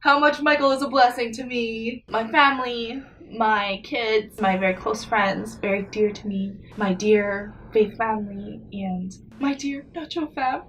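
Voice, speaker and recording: A woman's voice: fairly high pitch, a little slow, a bit bright, recorded from a distance. A young woman talking earnestly to camera in a personal vlog, often emotional and close to tears. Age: young adult. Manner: emotional, tearful at times, earnest. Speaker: vlogger.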